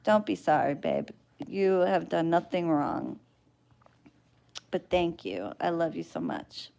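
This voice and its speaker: A woman's voice: fairly low pitch, very animated, slow pace, gravelly, mellow. A woman who practises spellwork, ranting bluntly and wearily to her livestream viewers, swearing freely. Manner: blunt, exasperated, profane; sighing and weary. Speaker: spiritual practitioner and spell caster.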